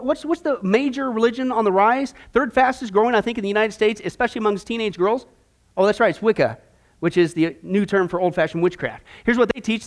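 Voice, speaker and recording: A man preaching a sermon-style Bible lesson, emphatic and sarcastic, full of rhetorical questions. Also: high-pitched.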